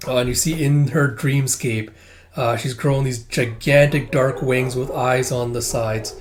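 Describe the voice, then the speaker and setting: A man's voice: mid-range voice, steady tone, a little slow, a little hiss or hum. A young man casually talking through a comic book, rambling with lots of fillers and the odd swear.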